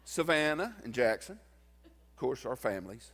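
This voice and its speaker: A man's voice: mid-range voice, moderate pace. A man giving a eulogy at his wife's funeral, telling folksy stories and acting out what people said. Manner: folksy, tells stories and acts out quoted lines. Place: church sanctuary. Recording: long church reverb.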